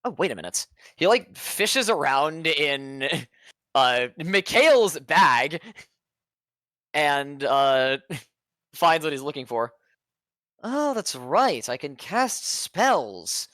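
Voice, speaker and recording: Player, man, mid pitch, dry close sound, wry and joking. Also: very animated, slow pace, a bit bright, dry recording. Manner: swears freely, wry and joking. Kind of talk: casual tabletop play.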